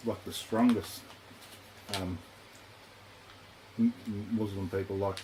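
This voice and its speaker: A man's voice: fairly low pitch, steady tone, takes it slowly, warm tone, a little hiss or hum, rough recording. A man as a podcast guest in a studio, speaking hesitantly with many fillers and restarts. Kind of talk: casual interview chat.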